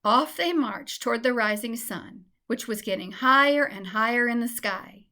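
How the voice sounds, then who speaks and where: Woman, children's story narrator, gentle, expressive, slightly high voice. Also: moderate pace.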